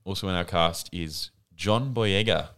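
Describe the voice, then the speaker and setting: A man's voice: sits low, measured pace. A man co-hosting a casual podcast chat, hesitant and full of fillers. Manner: hesitant, filler-heavy, laughing. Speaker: podcast co-host.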